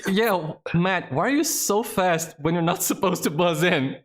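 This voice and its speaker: A man's voice: high-pitched, lively intonation, a little slow. A man hosting a trivia game on a live stream, chatty and casual, swearing freely as he thinks aloud.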